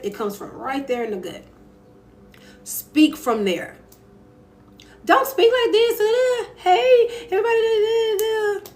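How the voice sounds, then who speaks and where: This young adult woman, a live-stream host offering advice, speaks emphatically and frankly into her phone at home while reading viewers' comments aloud. She has a slightly high, fairly bright voice.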